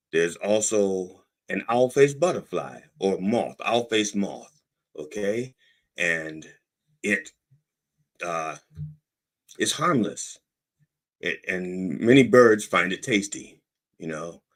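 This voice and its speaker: A man hosting a podcast in a casual, digressive monologue. His voice is low and husky. It rises and falls widely while he rambles and interrupts himself. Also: sing-song, slow pace, long pauses, fairly bright tone. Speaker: podcast host.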